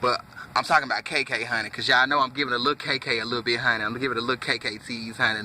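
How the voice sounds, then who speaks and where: Campy, sassy man with a bright voice. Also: mid-range voice, steady tone, slight background noise. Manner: campy, drawn-out "honey" after nearly every phrase. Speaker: reality TV commentator. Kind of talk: sassy casual rant to camera.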